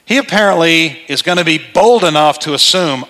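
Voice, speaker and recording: A man's voice: on the high side, lively intonation, normal speed, sharp tone. A middle-aged male pastor preaching a sermon in a church, conversational and emphatic, acting out the people he quotes. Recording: long hall reverb.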